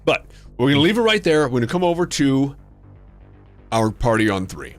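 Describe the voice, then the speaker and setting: A man narrates a tabletop game as its game master, describing rooms and calling for rolls. His voice sits at an average pitch, and he often restarts his phrases. Faint music plays underneath. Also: very animated, normal speed, no echo.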